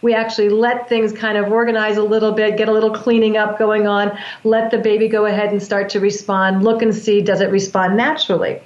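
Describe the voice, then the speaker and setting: A woman's voice: mid-range voice, little pitch movement, brisk, hardly any pauses. A woman guest on an interview show, a breath work practitioner explaining her practice in an earnest, teaching manner with frequent restarts. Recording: roomy, dull lo-fi sound.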